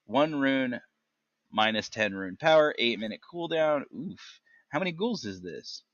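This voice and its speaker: A man with a bright, forceful voice reads game ability text aloud in a relaxed chat, pausing to puzzle over names and think out loud. The sound is dry and close, though a little dull and lo-fi. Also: medium pitch, no room sound. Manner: reads tooltips haltingly, stumbles on names. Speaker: gaming podcast host. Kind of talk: casual chat reading game talents aloud.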